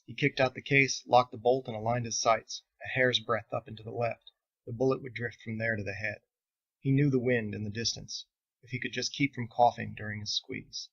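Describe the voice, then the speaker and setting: A man reading his own novel aloud in steady, measured audiobook narration. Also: medium pitch, gravelly, muffled recording.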